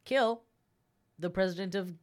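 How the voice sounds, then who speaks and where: A woman's voice: mid-range voice, measured pace. A woman hosts a podcast in loose, casual chat. She rambles and jokes, often breaking off mid-sentence to start over. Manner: rambling and jokey, with frequent restarts. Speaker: podcast host.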